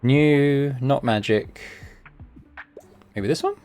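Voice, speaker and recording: A man hosting a relaxed gameplay video, muttering to himself as he decides. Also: medium pitch, slow, faint music behind. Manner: laid-back, muttering to himself while deciding. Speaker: gaming channel host.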